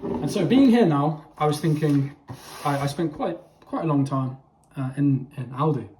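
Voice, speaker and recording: A young man chats to his viewers in a casual fitness vlog, keeping the tone loose and checking in with okay. His voice sits slightly high, and the room around him echoes noticeably. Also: animated, normal speed, a little mellow, slight background noise. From England. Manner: chatty, addresses viewers as boys, frequent okay. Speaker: fitness vlogger.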